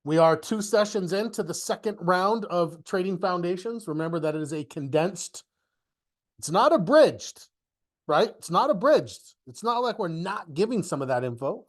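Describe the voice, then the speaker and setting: A middle-aged man with a cold, stuffy and coughing now and then, hosting a live market webinar in a rambling, chatty way that often restarts sentences. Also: on the high side. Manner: rambling, self-correcting, chatty. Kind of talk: casual live webinar talk.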